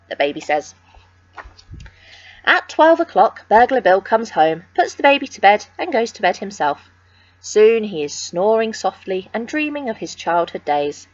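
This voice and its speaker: A woman reading a children's picture book aloud with expressive, sing-song storytelling. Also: medium pitch, moderate pace, dry recording, highs cut off.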